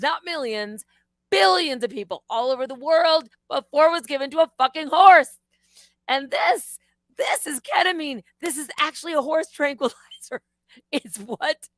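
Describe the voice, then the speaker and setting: A woman hosting a live stream, talking in a casual, animated way, indignant and swearing freely. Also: high voice, no echo.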